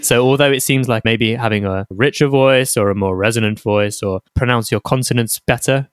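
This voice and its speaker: A man's voice: mid-range voice, moderate pace, clean tone, no echo. A man hosting a podcast, chatting in a curious, thoughtful way and laughing easily. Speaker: podcast host. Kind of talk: casual podcast interview.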